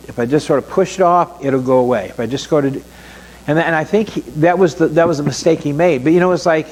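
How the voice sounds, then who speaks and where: An older man preaches and tells family stories with wry humor and easy laughter. His voice sits fairly high for a man. A long echo from the church hall trails each phrase. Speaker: pastor. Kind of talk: storytelling sermon.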